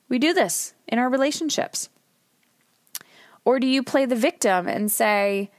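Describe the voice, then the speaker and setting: A woman's voice: mid-range voice, expressive, moderate pace, no echo, studio quality. Candid, emphatic woman podcasting from a car. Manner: candid, emphatic, swears casually, acts out little scenes. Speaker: podcast host. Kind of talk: solo podcast monologue.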